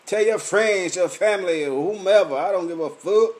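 A tipsy man, rambling and cursing freely as he hosts a late-night live chat from home. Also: normal speed. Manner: profane, loose and boisterous, swings from low mumbles to loud outbursts. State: tipsy from drinking. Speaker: podcast and Facebook live host.

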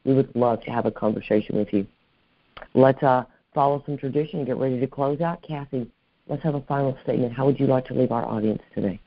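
A man's voice: medium pitch, fast talker, highs cut off. A man hosting an interview podcast, speaking effusively and often adding "right?" to his points. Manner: effusive, warm thanks, repeats "right?". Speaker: podcast host. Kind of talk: casual interview chat.

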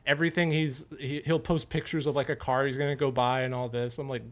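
A man's voice: mid-range voice, fairly quick. A young man in his twenties, cohosting a podcast, telling a story with lots of swearing and quoted voices. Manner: profane, animated storytelling. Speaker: podcast co-host. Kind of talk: casual podcast chat.

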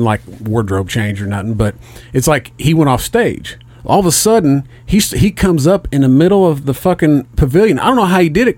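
Profane, animated man telling stories. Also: medium pitch, no room sound. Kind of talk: casual chat.

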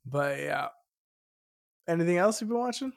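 A man's voice: fairly high pitch, lively intonation, moderate pace, creaky. A man co-hosting a podcast, laid-back and profane, mostly chiming in with short agreeing replies. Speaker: podcast co-host. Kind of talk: casual chat about movies.

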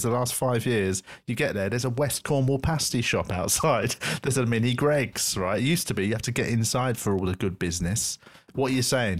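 A man hosting a casual podcast, chatty and laughing as he reads out questions. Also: fairly low pitch. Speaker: podcast host.

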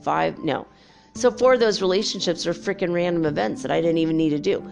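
Middle-aged woman vlogger, raspy fry in her voice, loose and profane, animated storyteller. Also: fairly low pitch, brisk, faint music behind. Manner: chatty, swears freely, animated storytelling. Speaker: spiritual vlogger. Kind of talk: casual chat.

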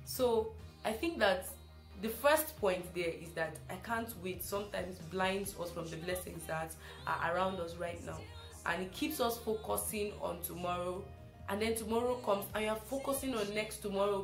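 A young woman from Africa hosting a casual spoken reflection, chatty and animated, repeating phrases for emphasis. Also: medium pitch, moderate pace, reverberant, soft background music. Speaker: host.

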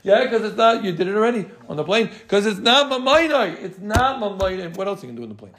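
High-voiced man teaching a Talmud class. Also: sing-song, a little fast, a bit bright. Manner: explains with Yiddish-inflected Yeshivish terms, quizzes students.

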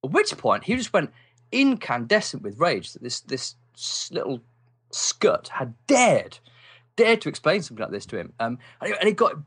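An English man, a writer and podcast guest, telling wry stories from his youth in a relaxed interview, with lots of ums. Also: a little high, normal speed, breathy edge. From England. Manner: animated, wry storyteller with many ums and laughs. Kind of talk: casual storytelling interview.

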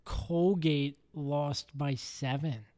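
A woman co-hosting a casual sports chat, talking slowly and deliberately. She argues bluntly and leans on pointed rhetorical questions. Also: low voice, steady tone, warm tone. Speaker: co-host.

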